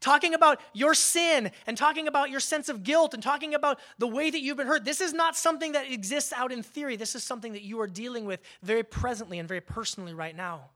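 Man, pastor, sermon, conversational, emphatic swells, hushed drops, restarts phrases. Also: high voice. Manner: repeats words as he restarts a phrase.

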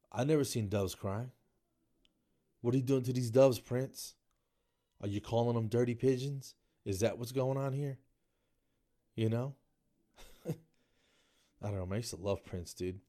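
A man's voice: medium pitch, normal speed, long pauses, a little mellow. A man around fifty giving a rambling, mocking comedy monologue, tagging lines with "man" and "dude.".

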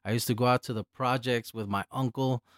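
A man's voice: mid-range voice, fairly even intonation, a little fast, no room sound, clean studio sound. A man in his forties, a Spanish speaker from birth, from El Paso, chatting casually as a guest, loose and profane with many filler words. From El Paso, Texas. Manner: laid-back, profane, full of filler words. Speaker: guest, hip hop producer. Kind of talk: casual podcast chat.

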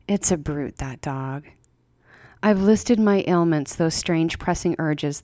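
Female horror-story reader, measured pacing, low voice, dry close sound. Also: a little mellow, no room sound. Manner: measured, with slow dramatic pauses. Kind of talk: reading a horror story aloud.

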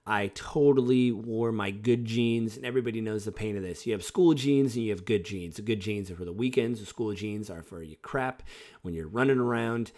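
A man's voice: fairly low pitch, brisk, darkish tone. A man in his forties hosting a personal podcast, talking reflectively and rambling with fillers. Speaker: podcast host.

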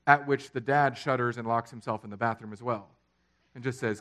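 A man, preaching a sermon that swings from loud, emphatic lines to quiet, low ones. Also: fairly even intonation, fairly quick. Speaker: pastor.

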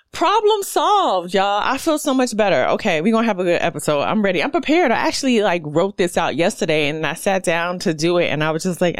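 A woman's voice: on the low side, smooth, no room sound, clean studio sound. A woman hosting her own podcast, talking candidly and with plenty of profanity, lots of fillers and asides. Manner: candid, profane, animated storytelling with many fillers. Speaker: podcast host. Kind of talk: casual solo podcast monologue.

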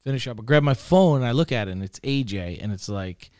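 A man's voice: medium pitch, expressive, quick pace, a little mellow, no room sound, studio quality. A man on a podcast telling a long crude story, rambling and profane. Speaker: podcast co-host.

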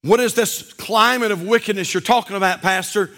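High bright-voiced male pastor preaching. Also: a little fast. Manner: emphatic preaching, often drops to a low intense voice. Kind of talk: sermon. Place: church service.

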